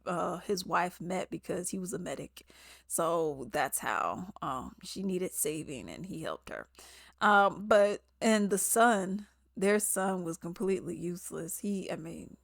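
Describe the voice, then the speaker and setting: A woman giving a casual spoken movie review, animated and quick to mimic people in quotes, laughing often. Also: fairly low pitch, gravelly, no room sound, studio quality.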